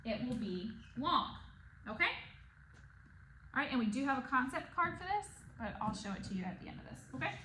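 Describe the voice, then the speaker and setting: This reading tutor, a woman with a slightly high voice, talks a little fast with big pitch swings. Working one-on-one, she patiently checks in with "okay?" and "right?" Noise and echo fill the room.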